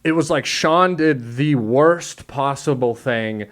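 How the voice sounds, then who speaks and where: A man hosting a podcast, telling a story in casual chat, animated, swearing and laughing often. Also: mid-range voice, slow pace. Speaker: podcast host.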